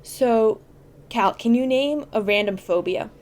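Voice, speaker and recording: Chatty higher-voiced woman podcast host. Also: a little slow, darkish tone. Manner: chatty, enthusiastic, explains at length with many fillers. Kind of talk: casual explainer chat.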